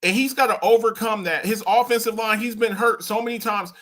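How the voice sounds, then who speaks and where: A bright, high-pitched man hosting a sports talk show. He rants with excitable energy, and his pitch and volume jump around as he makes his points. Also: brisk. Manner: loud, excitable, swings high and low in pitch, slips into mock voices. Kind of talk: animated sports talk rant.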